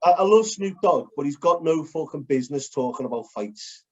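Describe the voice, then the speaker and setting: A man co-hosting a casual chat, blunt and animated, swearing as he breaks down fight technique. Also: fairly high pitch, fairly quick. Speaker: podcast co-host. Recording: dull lo-fi recording.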